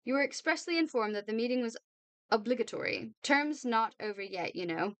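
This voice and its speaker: A woman's voice: fairly high pitch, expressive, a little fast, dry recording, close to an everyday voice. A woman voicing a sing-song, spiteful male headmaster.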